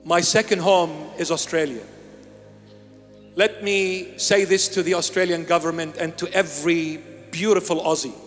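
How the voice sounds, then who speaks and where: A man from Iraq delivers a sermon in a high voice, solemn and emphatic. He speaks in short, measured lines and leans on repetition. Faint music sits under the long reverb of a large church. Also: fairly even intonation. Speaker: bishop preaching.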